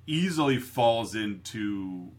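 A man co-hosting a movie podcast in casual chat, jokey and quick to laugh, often quoting films. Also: on the low side, lively intonation. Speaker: podcast co-host.

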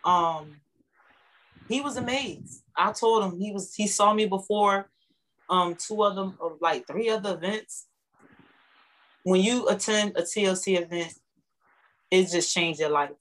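A woman speaking, giving an emotional, heartfelt testimonial as a guest, animated and repeating herself for emphasis. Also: medium pitch, a little slow, pauses often, poor audio. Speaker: guest, network marketing member.

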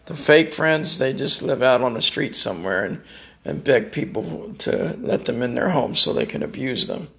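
A man's voice: medium pitch, animated, normal speed, gravelly, bright, forceful tone. A man chatting casually in a home vlog, rambling, heartfelt and joking. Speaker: vlogger. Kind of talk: casual chat.

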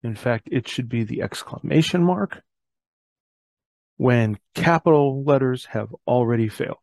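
Podcast host, middle-aged man, gravelly, earnest reflective talk, dry close sound. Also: medium pitch, measured pace, a little mellow, dry recording. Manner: earnest, reads scripture aloud, self-correcting.

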